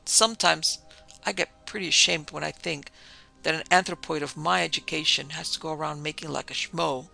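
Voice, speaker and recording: A man's voice: a little high, fairly even intonation, moderate pace, bright, forceful tone, soft background music, exaggerated voice. A man doing a wisecracking talking gorilla. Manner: gruff street-slang banter.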